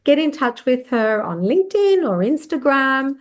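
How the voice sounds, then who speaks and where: A woman's voice: high voice, big pitch swings. Effusive woman in her fifties hosting. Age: 50s. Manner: effusive, quick to laugh and affirm. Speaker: podcast host. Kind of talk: interview conversation.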